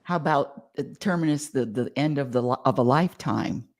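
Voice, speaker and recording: A middle-aged woman co-hosting a casual chat show with her son, playful and spelling out words slowly. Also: rumbling low, expressive, darkish tone. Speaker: co-host.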